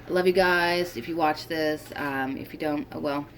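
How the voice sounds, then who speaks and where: A woman's voice: low-pitched, fairly even intonation, normal speed, a bit bright, a little hiss or hum. A young woman vlogging casually about parenting and the weather, rambling with lots of fillers and restarts. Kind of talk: casual commentary vlog.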